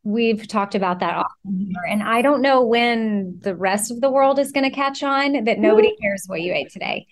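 A woman's voice: fairly high pitch, moderate pace, few pauses. A woman hosting a podcast, introducing her guest and asking questions with friendly enthusiasm. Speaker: podcast host. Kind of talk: podcast interview.

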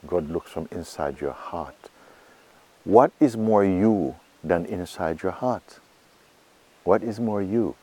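A man giving a spiritual talk to a gathering, asking questions and answering them himself and softly repeating phrases. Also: low voice. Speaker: spiritual teacher.

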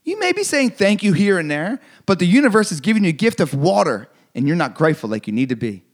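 This man's high voice swings widely in pitch as he moves at a quick pace through a motivational talk. He pushes the listener hard, hammering ideas with repetition and the odd swear word, all in an intense, preachy manner.

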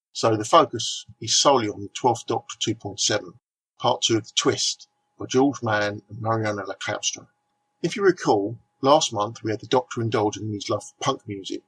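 A man presenting a comic review segment, reading a script in a steady, measured way. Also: lowish voice, a little hiss or hum.

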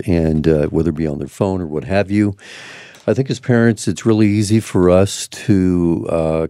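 Very deep, mellow male interview host. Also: dry recording. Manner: affirming, measured, with filler pauses. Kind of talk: conversational interview.

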